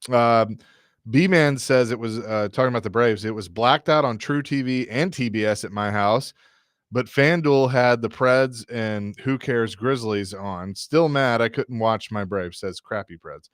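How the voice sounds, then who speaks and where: A man's voice: mid-range voice, measured pace, dry recording, clean studio sound. Easygoing male radio host. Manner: relaxed, joking, reads listener texts. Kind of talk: casual sports radio chat. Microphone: studio mic.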